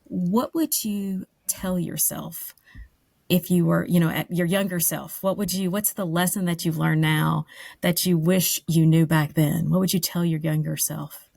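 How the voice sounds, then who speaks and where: A woman co-hosting a podcast with a deep, gravelly voice. She gushes and rambles on the way to her point. The sound is dry and close. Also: fairly even intonation, measured pace, darkish tone, no echo. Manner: gushing, rambling. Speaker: podcast co-host. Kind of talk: podcast interview.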